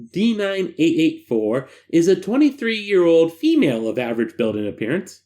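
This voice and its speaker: A man's voice: fairly high pitch, measured pace. A man hosting, reading a horror file aloud with jokey asides. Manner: animated, breaks off for jokey asides.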